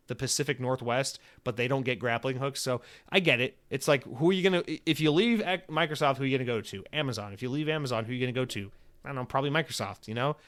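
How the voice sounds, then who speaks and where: A man's voice: mid-range voice, fairly bright tone. A young man hosting a solo gaming podcast, rambling and sarcastic, swearing often and acting out quoted voices mid-rant. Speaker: podcast host.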